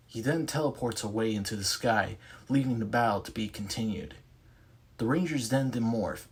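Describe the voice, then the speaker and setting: A man's voice: on the low side, expressive, normal speed, husky. A man narrating his own homemade superhero story in a plain, earnest way. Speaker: narrator and writer.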